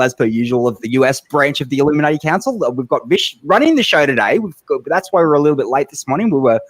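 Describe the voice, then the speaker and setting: A man's voice: mid-range voice, no room sound. A man hosting a comedic podcast over an online call, joking playfully and laughing often. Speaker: host.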